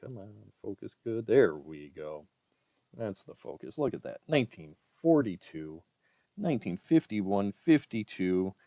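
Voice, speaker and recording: A man vlogging a coin roll hunt, reading out dates one by one in a casual murmur and breaking into excited exclamations. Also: lowish voice, measured pace, dry recording. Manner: reads dates aloud one by one, often quietly, with excited exclamations. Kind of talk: casual commentary while sorting coins.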